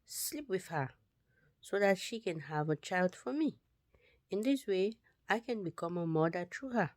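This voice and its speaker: A woman reads a jealous wife from a Bible story, longing for a child. She speaks slowly, with a lowish voice. The recording is close and dry. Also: lively intonation, dry recording. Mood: pleading.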